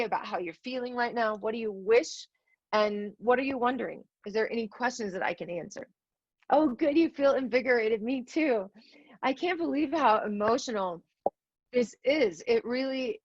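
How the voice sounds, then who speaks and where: A woman's voice: on the high side, dry recording. A middle-aged woman giving a heartfelt keynote talk to teachers over a video call, earnest and emotional, repeating phrases for emphasis. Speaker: keynote speaker. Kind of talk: heartfelt virtual conference talk. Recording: dry, slightly dull video-call audio.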